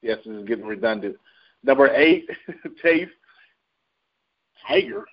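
Here a man with a lowish, expressive voice hosts a laid-back chart rundown at a moderate pace. He jokes around, talks slangy, and laughs a lot, all captured in dull lo-fi audio.

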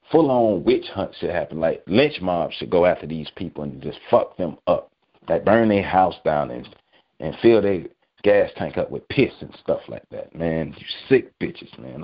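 A man's voice: sits low, dull audio. A man hosting a podcast, delivering a profane, heated weekly rant. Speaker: podcast host.

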